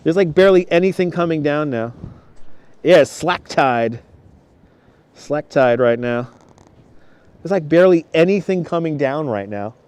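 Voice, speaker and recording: A man's voice: a little high, lively intonation, a little slow, pauses often, darkish tone, clear, resonant tone. A man in his thirties live-streaming outdoors on a snowy beach, chatting with viewers, greeting them by name and laughing often. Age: 30s. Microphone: wireless clip-on mic.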